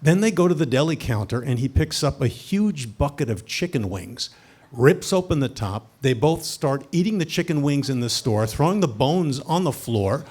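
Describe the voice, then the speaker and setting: A man telling a comic story from his own life, animated, swinging between hushed and loud. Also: medium pitch, normal speed.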